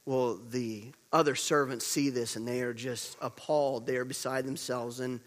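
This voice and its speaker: A man preaching a sermon as pastor, moving between loud urgent storytelling and quiet hushed emphasis, repeating words to drive points home. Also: mid-range voice, steady tone, moderate pace. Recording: long reverb of a large hall.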